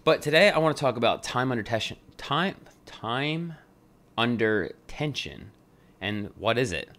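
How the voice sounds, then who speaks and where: A man's voice: mid-range voice, lively intonation, unhurried, fairly bright tone. A young adult man hosting a podcast, talking in a loose, jokey way and swearing freely. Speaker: podcast host. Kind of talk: casual podcast monologue.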